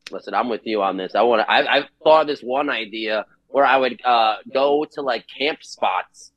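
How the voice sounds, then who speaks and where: Brief: man from New Jersey, guest musician, lively storyteller who plays out every quote, mid-pitched voice. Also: moderate pace, no echo, dull audio. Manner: animated storyteller acting out quoted dialogue. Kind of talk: casual chat.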